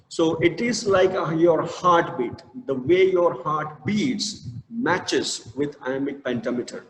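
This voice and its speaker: An Indian English man teaching literature in a fairly high voice, full of "uh" and "um". His lecture rings through a roomy space with a long reverb tail and faint background noise. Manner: hesitant, many fillers and restarts; slow stressed reading of verse. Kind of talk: online lecture.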